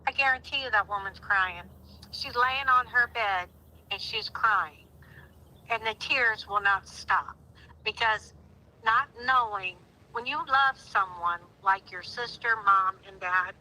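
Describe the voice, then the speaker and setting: A woman's voice: medium pitch, slow pace, pushed and bright, low-quality recording. A middle-aged woman speaking with heartfelt emotion in a casual conversation, growing indignant at times. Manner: heartfelt, rising to indignant outbursts. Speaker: guest.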